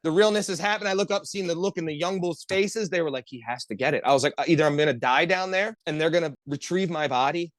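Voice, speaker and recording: With a fairly high voice, this podcast co-host talks quickly and barely pauses, recorded with no echo. Among friends, he rambles through a long story, cursing constantly and bursting with energy.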